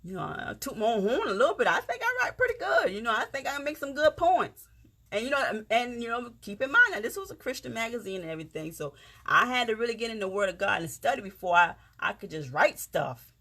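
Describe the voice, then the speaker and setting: Woman, Gullah Geechee accent, animated delivery that swings high and low, homespun encourager. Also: fast talker. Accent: Gullah Geechee, South Carolina Lowcountry. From South Carolina, USA. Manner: heartfelt, folksy, talks straight to viewers with "y'all". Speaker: vlogger, motivational speaker. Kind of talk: casual encouraging monologue.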